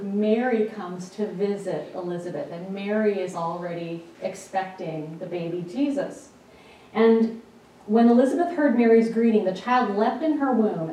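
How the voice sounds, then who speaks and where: A woman minister delivers a sermon, telling scripture stories with lively quoted lines. Her tone is mellow and dark, and she sounds distant from the microphone. The room carries a heavy echo, with faint ambient noise behind her. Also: mid-range voice. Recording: echoey hall, speaker far from mic.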